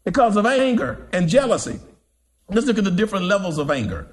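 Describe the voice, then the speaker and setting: A male preacher delivers a sermon, reading scripture aloud and building to dramatic, shouted emphasis. His voice sits high and moves with wide, animated swings in pitch. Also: fairly quick.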